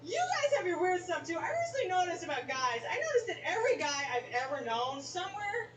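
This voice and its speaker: A woman's voice: very high voice, very animated, fairly quick, crowd noise. A woman doing stand-up comedy, asking sarcastic mocking questions. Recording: distant, echoey, noisy.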